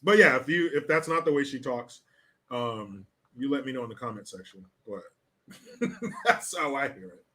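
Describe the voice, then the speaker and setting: Bright-voiced sarcastic male political host. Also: medium pitch, normal speed, pauses often. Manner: sarcastic, blunt, swears freely. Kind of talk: casual political commentary livestream.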